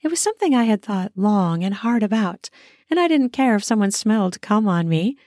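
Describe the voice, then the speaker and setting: A woman narrating a first-person erotic audio story in an intimate, soft, drawn-out manner. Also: mid-range voice, very animated, dry recording, studio quality.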